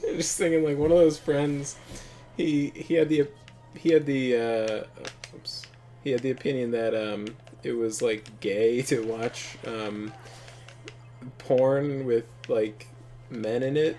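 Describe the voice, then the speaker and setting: A man's voice: medium pitch, fairly even intonation, slow pace, warm tone, faint music behind. A man hosting a casual gaming commentary, rambling through crude jokes and laughing often. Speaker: let's play host.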